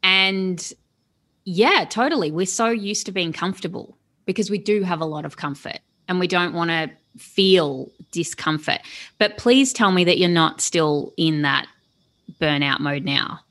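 A woman podcast host with a bright, crisp tone and a slightly low pitch. She reacts with enthusiasm and keeps gently drawing her guest out. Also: measured pace. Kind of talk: conversational interviewing.

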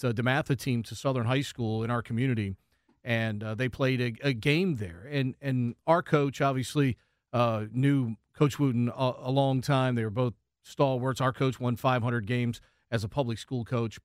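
Male radio co-host, 50s, relaxed and reminiscing, dry close mic. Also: mid-range voice, dry recording. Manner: reminiscing, easygoing. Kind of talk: casual sports talk. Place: radio studio.

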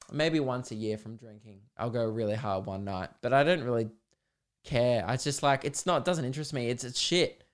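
A young man hosts his podcast on his own. He talks in an easygoing, unscripted way, swearing often and trailing off into asides. His voice sits at an ordinary middle pitch. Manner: candid, sweary and rambling, with mocking put-on voices. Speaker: podcast host. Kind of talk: solo casual podcast chat.

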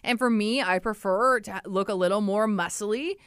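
A woman's voice: mid-range voice, moderate pace, clear, resonant tone, no room sound, clean studio sound. A young adult woman co-hosting a podcast, talking openly and animatedly in casual chat. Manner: candid, animated, quotes people in playful voices. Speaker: podcast co-host.

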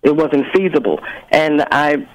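A man calling in to a talk show, warm but hesitant, repeating words as he starts sentences. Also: on the high side, expressive, a little slow, low-quality recording. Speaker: caller.

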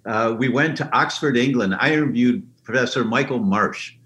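A man, the interview guest, telling stories with animated energy and jumping into high-pitched voices when he quotes people. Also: normal speed. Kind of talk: enthusiastic storytelling in an interview. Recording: roomy remote line with faint noise.

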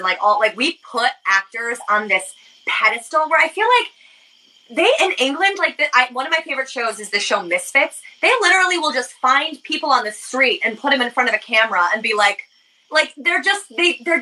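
A young American woman hosts a podcast, chatting casually and packing her speech with fillers, especially "like." Her voice is slightly high and fairly quick, with lively intonation and a sharp tone. The recording quality is rough.

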